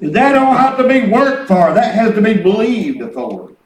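High-voiced preacher, echoey room. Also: male voice, big pitch swings, moderate pace. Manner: folksy, rambling storytelling with calls of praise. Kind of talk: sermon with testimony. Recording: echoey room, distant mic.

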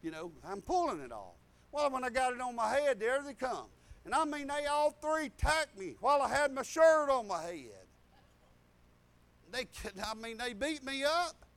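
High-voiced older preacher man. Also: very animated, normal speed, a bit bright. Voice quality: high-pitched. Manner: rambling storytelling with laughs and hallelujahs. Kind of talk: folksy sermon.

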